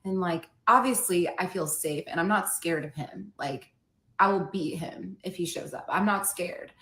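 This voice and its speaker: A woman's voice: lowish voice, normal speed, fairly bright tone. Woman telling a dramatic story, echoey room. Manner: candid, dramatic retelling with quoted dialogue. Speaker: podcast host. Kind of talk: storytime podcast.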